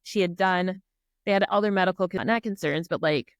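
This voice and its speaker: Middle-aged woman in earnest animated storytelling. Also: lowish voice, brisk, clear, resonant tone, dry recording, clean studio sound. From Minnesota. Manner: earnest, animated retelling that acts out quoted dialogue; many fillers like "like" and "um". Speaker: guest. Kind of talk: personal storytelling in a podcast conversation.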